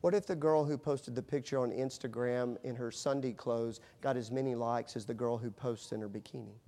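A middle-aged American pastor delivers a sermon through animated storytelling that swings between hushed and loud. His voice is mid-range and he speaks a little fast.

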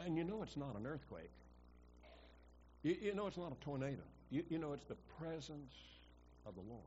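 A man's voice: mid-range voice, dark tone, lo-fi sound, a little hiss or hum. A male pastor preaching a sermon in a church, asking the congregation questions and swelling for emphasis.

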